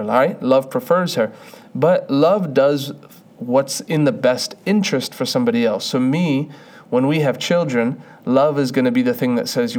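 A man's voice: medium pitch, darkish tone. A young man giving an earnest, conversational sermon, often restarting his sentences. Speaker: preacher.

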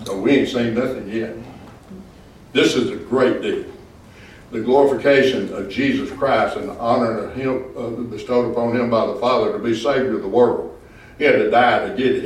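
Emphatic pastor, echoey and distant. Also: male voice, mid-range voice, slight background noise. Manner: emphatic, calls for "Amen?" replies. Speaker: pastor leading a Bible study. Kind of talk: preaching Bible study. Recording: echoey room, far from mic.

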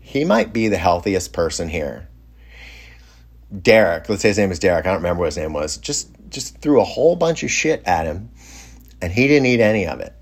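A middle-aged man with a fairly low voice tells a long anecdote in a loose, conversational way. He restarts his sentences and trails into fillers, sounding amused by his own story. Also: very animated, quick pace. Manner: rambling, self-interrupting, amused. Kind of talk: casual anecdote.

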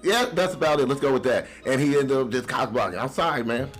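A young man co-hosting a casual podcast. He jokes, swears freely and keeps the banter going. His voice swings up and down as he talks, and soft music plays behind him. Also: mid-range voice, fast. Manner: animated, joking, swearing freely. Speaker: podcast co-host.

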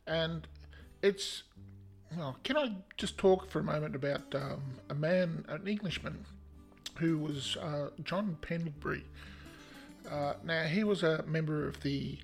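Gravelly Australian man narrating history. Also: a little high, a little slow, soft background music. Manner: chatty and self-deprecating, with asides and fillers. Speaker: podcast host.

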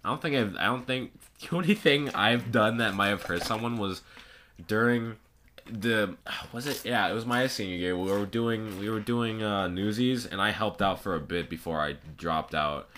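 A man's voice: lowish voice, normal speed, fairly bright tone, a little hiss or hum. A young man co-hosting a casual podcast chat, laid-back, swearing and laughing easily. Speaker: podcast co-host.

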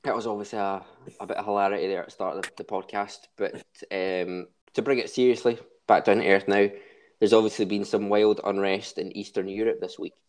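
A low-pitched man hosts a podcast. He rambles in a jokey way and stumbles over restarts. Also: fairly even intonation, fairly quick. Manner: jokey, rambling, with false starts. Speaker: podcast host. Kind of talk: casual podcast chat.

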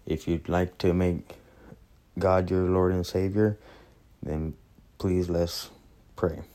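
A man's voice: sits low, little pitch movement, slow pace, mellow, smooth. A man giving an earnest sermon and leading a prayer, repeating phrases for emphasis. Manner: earnest, preaching with repetition. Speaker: preacher.

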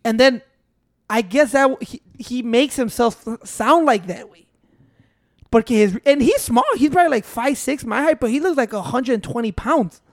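A woman's voice: a little high, normal speed, dry recording. A woman chatting casually on a podcast, cursing freely and switching between English and Spanish. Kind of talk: casual chat.

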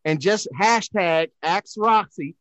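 A man's voice: high voice, slow pace, a bit bright, dry recording. A man hosting a podcast, bantering and laughing with crude jokes in casual chat. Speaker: podcast host.

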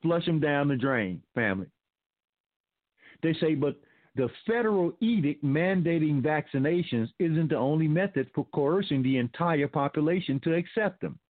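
A man's voice: on the high side, lively intonation, moderate pace, no echo. A male talk host reading news aloud and commenting with sarcasm, calling his listeners family. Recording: dry phone-like line.

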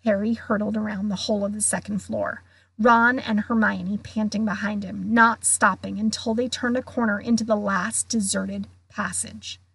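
A woman guest reader reading a children's novel aloud in an expressive way. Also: mid-range voice, gravelly, breathy edge, no room sound. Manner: slow, expressive.

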